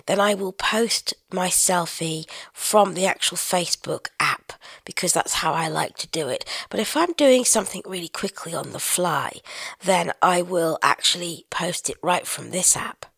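Woman host, friendly explainer, low gravelly tone, dry close sound. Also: fairly bright tone, dry recording. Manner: chatty, explanatory, amused. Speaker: app demo presenter. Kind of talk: chatty screen-reader tutorial.

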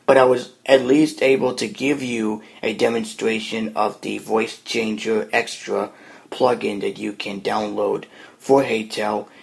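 Gravelly-voiced man demoing an app. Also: fairly low pitch. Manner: relaxed, plain explaining tone. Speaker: podcast host demoing an app. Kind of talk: casual spoken app walkthrough.

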